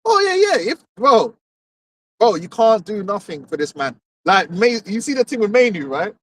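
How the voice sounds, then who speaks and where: Casting: high-pitched man, animated and preachy, recorded well off the mic. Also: normal speed, distant mic. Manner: animated, mocking impressions, preachy. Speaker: podcast co-host. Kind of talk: heated casual discussion.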